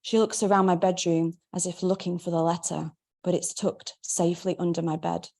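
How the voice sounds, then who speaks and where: A woman, reading her memoir aloud in a wry, measured way. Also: fairly low pitch, little pitch movement, gravelly, a little mellow. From Manchester, England. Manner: wry, measured first-person narration. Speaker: memoir author.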